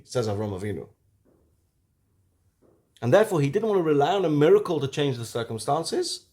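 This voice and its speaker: A man teaching a weekly Torah lesson, lively, asking rhetorical questions and swinging from loud to hushed. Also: on the high side, a little fast, long pauses.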